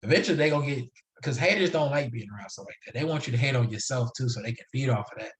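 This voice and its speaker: A man's voice: mid-range voice, very fast. A young man hosting a solo podcast, talking casually in a slangy, emphatic, preachy way. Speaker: podcast host.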